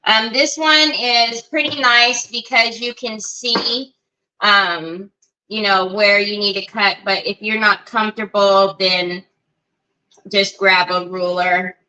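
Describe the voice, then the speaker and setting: Woman, craft livestream host, chatty, lots of fillers, unhurried, bright. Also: medium pitch, fairly even intonation, low-quality recording. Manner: chatty, greets viewers by name, many fillers. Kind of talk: casual live crafting stream.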